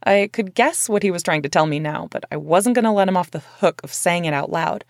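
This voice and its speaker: A woman's voice: on the low side, fairly quick, no room sound, studio quality. A woman reading her memoir aloud as narrator, in a candid, conversational way with casual swearing.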